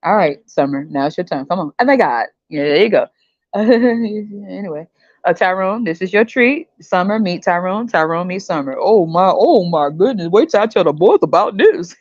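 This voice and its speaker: A woman hosting a podcast in a casual comedic rant, animated and slangy, often breaking into laughter. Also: on the low side, moderate pace, dry recording, lo-fi sound. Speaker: podcast host.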